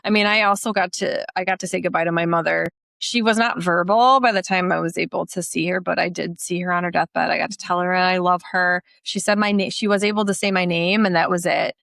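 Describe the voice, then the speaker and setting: A woman's voice: fairly low pitch, fairly even intonation, gravelly, a bit bright, dry recording. A woman co-hosting a podcast, speaking reflectively in casual conversation. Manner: reflective, quick supportive interjections. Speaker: podcast co-host.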